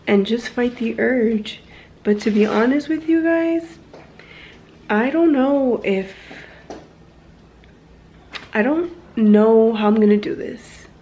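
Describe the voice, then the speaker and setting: A woman's voice: mid-range voice, vocal fry, darkish tone, a little hiss or hum. A young woman talking candidly to a phone camera at home in a personal vlog, frank and rambling, swearing casually as she goes. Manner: rambling with fillers and self-corrections. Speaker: vlogger.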